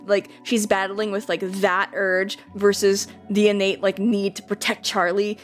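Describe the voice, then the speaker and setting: A woman's voice: medium pitch, flat delivery, normal speed, soft background music. A young woman streaming from home, chatting casually and rambling with lots of fillers and giggles. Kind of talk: casual live-stream chat.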